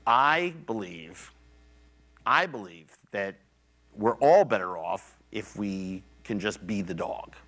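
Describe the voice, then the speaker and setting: A man's voice: on the low side, expressive, slow pace, fairly bright tone. A middle-aged man giving a public lecture in a university theater, telling stories conversationally and swearing casually. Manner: conversational storytelling, acts out quoted voices.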